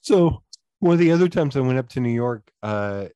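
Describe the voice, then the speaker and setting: A man with a Southern East Tennessee accent, hosting a podcast and telling animated stories in casual chat, swearing freely. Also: mid-range voice, moderate pace, no echo, muffled recording. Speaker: podcast host.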